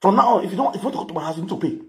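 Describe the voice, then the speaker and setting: A man's voice: sits high, animated, very fast, a little mellow. A man with a Nigerian accent ranting to camera in a boastful, crude, mocking way, repeating his phrases. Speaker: vlogger.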